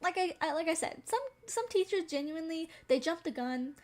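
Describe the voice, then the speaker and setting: A young woman streamer chats through an old story in a high, bright-sitting voice. She talks frankly and casually, dropping the odd swear word as she goes. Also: fairly quick. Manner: calls herself very sensitive.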